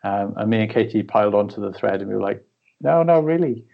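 A man's voice: lowish voice, completely flat delivery, fast, gravelly, highs cut off. A man co-hosting a podcast in casual, jokey chat with frequent fillers. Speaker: podcast co-host.

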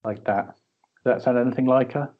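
A man's voice: on the low side, fairly even intonation, moderate pace, phone-quality sound. A man co-hosting a podcast in casual, jokey chat with frequent fillers. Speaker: podcast co-host.

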